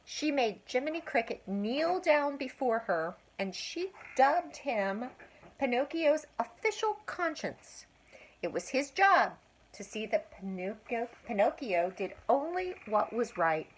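An older woman, a grandmother, reading a children's story aloud with expressive, drawn-out emphasis and asides to a child. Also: a little high, slight background noise, low-quality recording.

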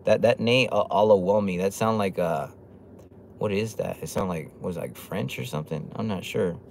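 A man's voice: deep voice, normal speed, creaky, a little hiss or hum. A man hosting a casual livestream, reading chat comments aloud with loose, profane talk and lots of laughs. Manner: fillers and restarts, laughs often. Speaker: livestream host.

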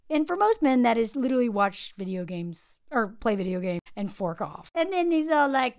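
A young woman giving a casual, sarcastic film recap, animated, and peppering her talk with "like" and "literally.". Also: high voice, moderate pace, hardly any pauses. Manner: animated, sarcastic, acts out characters' lines; frequent "like" and "literally" fillers. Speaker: vlogger.

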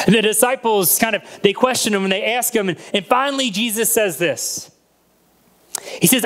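A man's voice: sits high, normal speed, a bit bright. A man preaching a sermon as a pastor, retelling a Bible story and acting out the voices in it.

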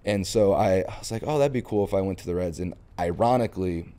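A young man from Florida, a baseball catcher appearing as a podcast guest, tells stories in a casual interview and acts out the lines he quotes. He has a deep voice and talks fast, with animated storytelling.

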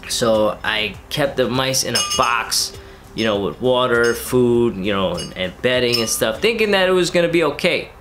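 A man in his thirties telling a personal story in a rambling, casual way, full of fillers and relaxed slang. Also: mid-range voice, normal speed, over music. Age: 30s. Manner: rambling, filler-heavy, laid-back slang. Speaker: reptile keeper and vlogger.

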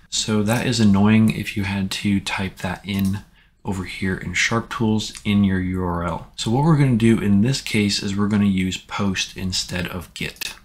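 A man hosting a tech tutorial, giving relaxed, plain step-by-step instructions in a casual way. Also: on the low side.

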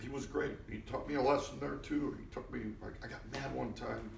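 Before a live audience, a male guest actor speaks a little fast in a creaky, mid-range voice with a steady tone, sharing anecdotes at an interview event. He's loose, restarting often, swearing, and acting out the people he quotes. The recording is echoey with a distant mic and slight background noise.

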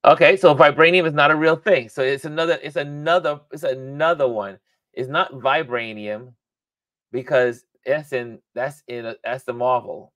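A male livestream host talks in a loose, rambling way, working things out aloud and breaking into laughter often. His voice sits at an ordinary middle pitch. The sound is dry and close, with no room around it. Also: normal speed, a bit bright, no echo. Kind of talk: casual livestream chat.

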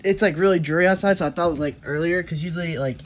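Speaking at a racing pace in a lowish voice, a young daily vlogger rambles through casual vlog chat, leaning heavily on "like." Her nose is congested, giving her a nasal sound, and a little hiss or hum runs under the recording.

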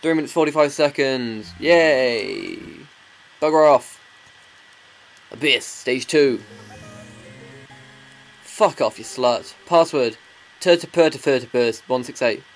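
A man's voice: mid-range voice, normal speed, pauses often, soft background music. A man giving crude, sarcastic commentary while playing a video game. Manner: crude, sweary, sarcastic ranting. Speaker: let's play commentator.

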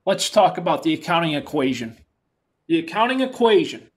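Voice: medium pitch, very animated, brisk, breathy edge. A lecturer with a New York accent giving a classroom lecture, repeating key terms in a plain, explanatory way.

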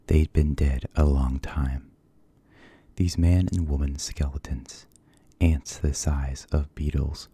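Style: soft-spoken ASMR reading. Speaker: a man with a very deep, husky voice. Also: no echo. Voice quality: soft, hushed, partly whispered. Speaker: ASMR storybook reader.

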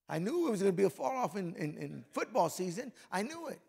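A hoarse middle-aged pastor whose gravelly, somewhat high voice moves between easy conversational preaching and fervent prayer. His voice is worn rough from yelling. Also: sing-song, fast, hardly any pauses. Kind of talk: sermon and closing prayer at a men's breakfast.

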